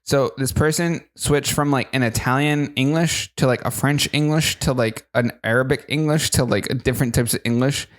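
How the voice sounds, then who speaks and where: A man's voice: medium pitch, moderate pace, hardly any pauses. A man co-hosting a casual podcast chat, joking and teasing his friends while steering the segments. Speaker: podcast co-host.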